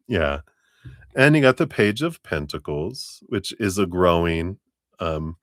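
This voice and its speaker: A man with a very low voice gives a relaxed, chatty live tarot reading. He laughs often and slips into playful quoted voices. The sound is dry and close. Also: no echo. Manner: chatty, laughs often, speaks warmly to viewers. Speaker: tarot reader.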